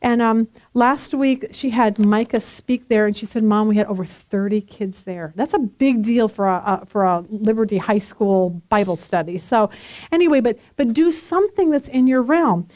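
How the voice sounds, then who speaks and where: A woman in her forties teaching a casual Bible study, telling stories in a chatty, animated way. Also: fairly high pitch, normal speed, dry recording. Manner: chatty, animated storytelling with frequent laughter.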